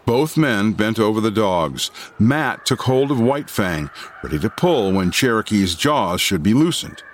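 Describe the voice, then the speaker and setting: A man reading a classic novel aloud as an audiobook narrator, expressive and dramatic. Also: lowish voice, unhurried, slight background noise.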